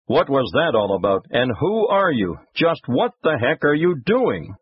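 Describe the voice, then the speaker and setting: A furious young executive demands answers in a raised, swinging voice, as a man plays him. The sound is husky, dry and a little dull, like a lo-fi recording. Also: medium pitch, big pitch swings, a little slow, no room sound, voice pushed up. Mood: angry. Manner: shouting, demanding. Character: angry young male executive, hot-tempered.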